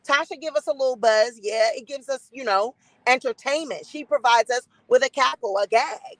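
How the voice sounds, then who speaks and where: A woman's voice: high voice, normal speed, no room sound, low-quality recording. A woman hosting a live-stream gossip commentary, blunt and defiant, swearing freely and greeting chat viewers by name.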